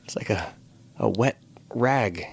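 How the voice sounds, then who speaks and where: A man with a notably low voice co-hosts a relaxed podcast, thinking aloud about old cartoon episodes. He talks in a musing, reflective way and swears casually. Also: slow pace, breathy edge. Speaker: podcast co-host. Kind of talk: casual chat recapping cartoons over drinks.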